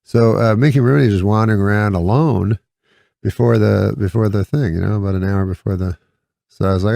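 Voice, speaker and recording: A male comedian telling a rambling anecdote in a deadpan, halting way, chuckling and restarting as he goes. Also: fairly low pitch, creaky, dry recording. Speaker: comedian guest.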